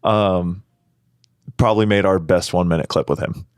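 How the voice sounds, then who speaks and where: Excitable low-voiced young man. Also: moderate pace, clean tone, no echo, studio quality. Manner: over-the-top, excitable, swearing. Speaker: podcast co-host. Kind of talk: casual chat.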